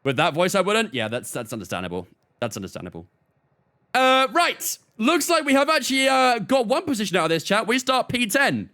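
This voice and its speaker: A man's voice: high voice, huge pitch swings, a little fast, bright, forceful tone. A man streaming a racing game, chatting casually with his viewers. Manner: chatty, talks to chat, often laughs off.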